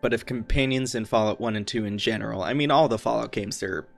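A man doing let's play commentary on a retro game, cursing constantly and yelling at the game. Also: fairly low pitch, fast talker, creaky, soft background music. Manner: swears constantly, ranting in frustration; yells at the game. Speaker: gaming YouTuber playing a retro game.

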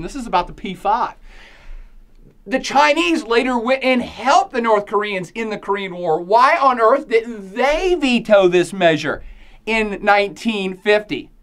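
A male lecturer with a high voice keeps things loose, slangy and irreverent, laughing often and quizzing the class with rhetorical questions. His delivery is animated and conversational.

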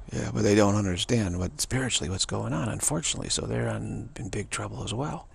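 Male spiritual teacher, heavy vocal fry, lowish voice; rambling, repetitive talk with a faint hiss underneath. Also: fast. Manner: repetitive, stammering restarts; mocking high voices for quoted people.

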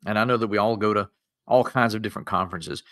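A man with a lower Appalachian accent giving an upbeat webinar presentation in a folksy, self-deprecating way. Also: quick pace, a bit bright. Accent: Southern US, lower Appalachian. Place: converted home bedroom studio.

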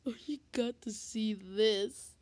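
A woman's voice: mid-range voice, fairly even intonation, slow. A woman giving gameplay commentary, giggly and flustered, with many fillers. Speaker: gamer.

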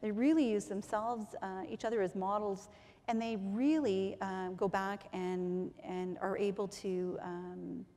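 A woman's voice: mid-range voice, measured pace. Woman presenting in a hall. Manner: lively, chatty, acts out patient quotes. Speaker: physiotherapist presenter. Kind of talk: conference talk. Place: large conference hall. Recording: long hall reverb.

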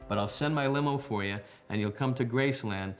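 A man's voice: medium pitch, fairly quick, faint music behind. A man telling anecdotes in an interview about a former broadcast partner, acting out both sides of the dialogue in a wry way.

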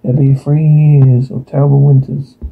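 A man reading aloud a TV episode's audio description and dialogue in a flat way, often stumbling and repeating words. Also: mid-range voice, normal speed, vocal fry, slightly rough. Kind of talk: reading aloud a transcript with sound cues. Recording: tinny phone-like sound.

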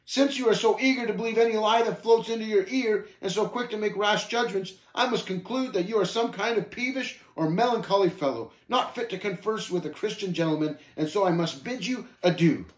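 A man's voice: on the high side, huge pitch swings, normal speed, hardly any pauses, reverberant. A man putting on a haughty, indignant hypocrite. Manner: indignant, huffy, snapping. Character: haughty, pompous male hypocrite who bristles with rage.

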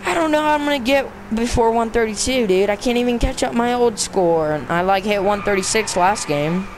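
A young man giving casual let's-play commentary on a racing game, talking to the game and himself in slang and often breaking into frustrated yelling. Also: sits high, brisk, a little hiss or hum. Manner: excitable, frustrated, bursts into yelling outbursts; talks to the game and himself, slangy, "dude" and "bro". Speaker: gamer narrating his own play.

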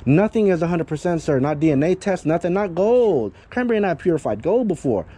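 This dog trainer is a big talker, breaking down a session for an owner outside by a parking area full of cars while tossing in casual swear words and checking in with "yeah?" and "okay?". He speaks fairly quickly in a slightly high, expressive voice with a warm tone. The recording quality is low.

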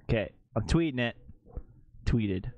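A man's voice: medium pitch, expressive, unhurried, a little mellow, dry recording. A young man casually chatting on a live stream, laughing often and talking to himself.

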